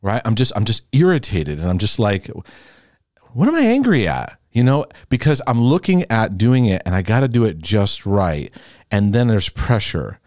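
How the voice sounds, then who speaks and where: Lively, low-voiced male podcast host. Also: normal speed, no echo, clean studio sound. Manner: reflective, hesitant, with frequent restarts. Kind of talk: candid conversational podcast talk.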